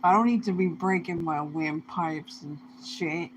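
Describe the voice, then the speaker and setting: A woman's voice: fairly low pitch, a little slow, a little hiss or hum, poor audio. A young woman talking to camera in a rambling, casual monologue, swearing heavily in loose, slangy speech. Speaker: vlogger.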